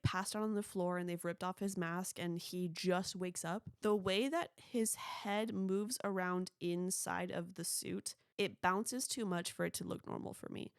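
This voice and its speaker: Chatty young woman with a gravelly voice. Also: mid-range voice, no room sound, clean studio sound. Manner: chatty, rambling, frequent "like". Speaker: podcast host. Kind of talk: casual solo movie podcast.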